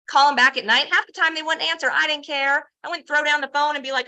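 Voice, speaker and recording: A woman giving an energetic sales presentation, telling success stories, asking the audience rhetorical questions and acting out quoted dialogue. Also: high-pitched, fast talker, hardly any pauses, rough recording. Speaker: presenter pitching a home business.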